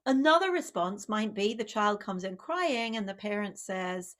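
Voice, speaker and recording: A woman's voice: mid-range voice, expressive, moderate pace, few pauses, a bit bright. A woman, a child psychologist and author, giving a conversational public talk on parenting, with many fillers and self-corrections.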